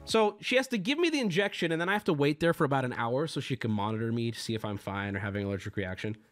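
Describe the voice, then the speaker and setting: A man streaming and telling his chat a story casually, animated and profane, often restarting himself. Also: mid-range voice, very fast, faint music behind. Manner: animated, profane, self-interrupting.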